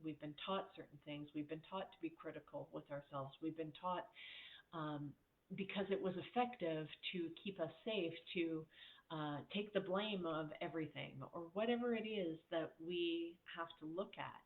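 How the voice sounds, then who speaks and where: A woman's voice: sits low, normal speed. A woman life coach giving a casual motivational talk, speaking candidly, laughing often and mimicking voices when she quotes people. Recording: echoey room over a tinny phone-like line.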